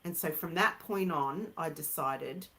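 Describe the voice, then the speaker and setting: A woman's voice: sits low, measured pace, a bit bright, rough recording. A middle-aged woman, a mother who is a guest, speaking reflectively in a casual conversation.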